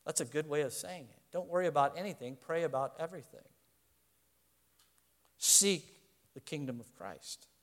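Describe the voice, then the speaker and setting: Man, middle-aged, high voice, preaching, earnest, conversational, rhetorical questions. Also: expressive, moderate pace, long pauses. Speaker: pastor. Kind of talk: sermon.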